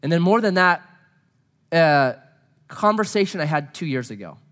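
A married man telling a personal story in a sermon to a gathering. He speaks earnestly, dropping to hushed low tones and then building to emphatic pleas. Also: sing-song, normal speed. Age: adult, married.

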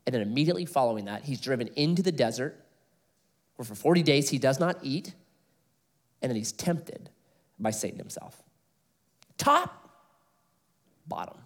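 Lively, animated male preacher. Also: medium pitch, a little fast, pauses often. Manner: animated storytelling, laughs at own jokes. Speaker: pastor. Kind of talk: expository sermon.

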